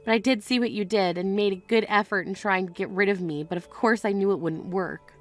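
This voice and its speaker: A woman's voice: mid-range voice, fairly quick, faint music behind, natural voice. A woman voicing an indignant young bride who answers with cutting firmness in a voiced text-story drama. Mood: cold firm.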